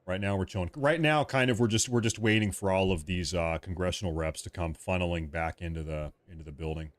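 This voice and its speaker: A man hosting a live stream, giving casual commentary and repeatedly telling viewers not to worry, clearing his throat often. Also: deep voice, brisk, dry recording. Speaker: livestream host.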